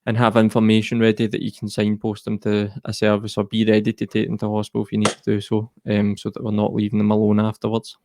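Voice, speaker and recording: A man's voice: on the low side, completely flat delivery, quick pace, hardly any pauses, mellow, dry recording. A Scottish man speaking as an interview guest, earnest and reflective. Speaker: guest, mental health charity co-founder. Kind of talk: personal interview talk.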